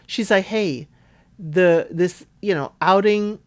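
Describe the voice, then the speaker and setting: A woman's voice: medium pitch, slow pace. A woman giving a casual, chatty recap of a reality show, acting out quotes and laughing as she talks. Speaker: recap podcaster.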